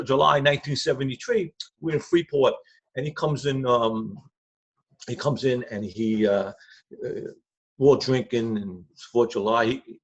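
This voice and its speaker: Gravelly older man spinning rambling stories. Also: medium pitch. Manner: rambling, repetitive, blunt street grammar. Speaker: former crime crew associate, guest. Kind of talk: casual anecdotal storytelling. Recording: dull lo-fi sound.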